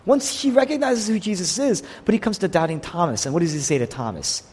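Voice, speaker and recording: A man preaching a sermon, delivering it in an animated way and voicing the people he quotes. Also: sits high, quick pace, a little hiss or hum. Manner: animated preaching, quotes figures in voiced asides. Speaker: pastor. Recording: long hall reverb.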